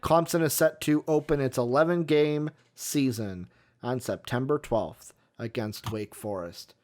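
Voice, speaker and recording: A man's voice: mid-range voice, measured pace. A man hosting a sports talk show, rambling and getting heated as he talks. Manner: heated, rambling, animated when worked up.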